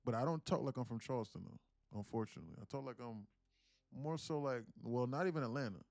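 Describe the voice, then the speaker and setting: A young man from South Carolina talks casually on a live trading stream, sarcastic and wandering, tripping over restarts. His voice sits in a middle pitch, recorded dry and close with no room echo. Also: quick pace, vocal fry, darkish tone. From South Carolina, USA. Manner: sarcastic, rambling, many restarts. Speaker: day trader and live streamer.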